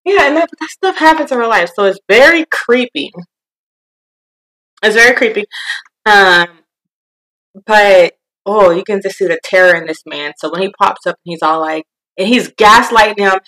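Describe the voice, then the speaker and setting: A woman co-hosting a casual podcast chat, animated and acting out quotes with bursts of laughter. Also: mid-range voice, normal speed, rough recording. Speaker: podcast co-host.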